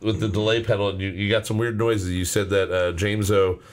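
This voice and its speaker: A man's voice: on the low side, flat delivery, fairly quick. A man hosting a casual podcast, rambling and swearing as he tells stories. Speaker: podcast host. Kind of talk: casual chat.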